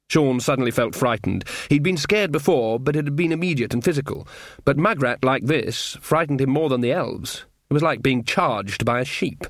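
A man's voice: mid-range voice, animated, moderate pace, dry recording, clean studio sound. Man narrating a comic fantasy audiobook. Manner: voices each character with small shifts. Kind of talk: scripted narration.

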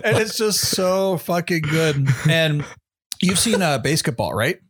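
A man's voice: a little high, measured pace, dry recording, studio quality. A man co-hosting a podcast, telling a movie story with heavy swearing and acted-out quotes. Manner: animated storyteller, swears a lot, acts out quotes. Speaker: podcast co-host. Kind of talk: casual chat, retelling a movie.

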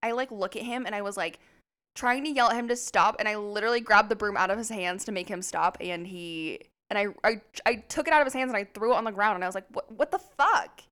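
Young woman podcast co-host, smooth and clear, a casual storyteller who swears and laughs often. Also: medium pitch, fast. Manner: laughing, profane, animated storyteller.

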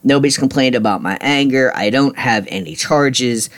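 A man's voice: medium pitch, moderate pace. A middle-aged man hosting a podcast, telling a personal story in a blunt, frustrated, ranting way with casual swearing. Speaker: podcast host.

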